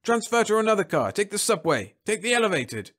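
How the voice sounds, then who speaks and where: A man voicing a gruff male spaceship captain who barks orders and curses. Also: sits high, big pitch swings, a little fast, fairly bright tone, voice pushed up, full character voice. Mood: urgent barking. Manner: barking orders, cursing.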